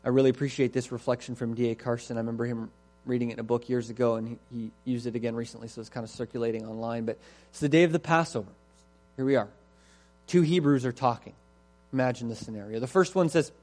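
A man's voice: medium pitch, fairly even intonation, quick pace, a little mellow. A man preaching a sermon in an earnest, emphatic way and repeating his key phrases.

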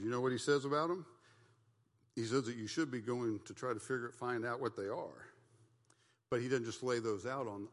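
An older man teaches a church Bible study, folksy and joking, and he keeps asking the class questions. His voice sits at an ordinary middle pitch for a man. The sound carries a long hall reverb from the church room.

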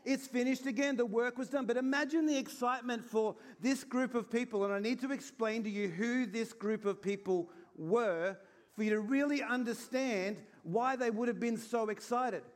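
A man's voice: extremely high pitch, moderate pace. A man preaching an Easter sermon in an earnest, conversational way, acting out little scenes as he goes. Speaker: pastor.

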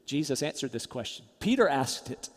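A man preaching a sermon as pastor, emphatic, rising loud then dropping to quiet, soft asides. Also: mid-range voice, very animated, normal speed, in a large hall.

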